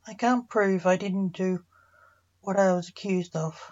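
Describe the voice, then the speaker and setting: A woman reading as a male sorcerer in the dock, reluctant and awkward in his answers. He talks slowly at a middle pitch. The recording is dull and lo-fi. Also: steady tone, a little mellow, natural voice.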